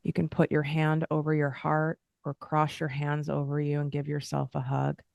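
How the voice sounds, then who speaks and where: A woman's voice: low-pitched, completely flat delivery, normal speed, gravelly, a little mellow, no echo, studio quality. A woman hosting a motivational self-help talk, speaking in an earnest, repetitive, affirming cadence. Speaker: host and money coach.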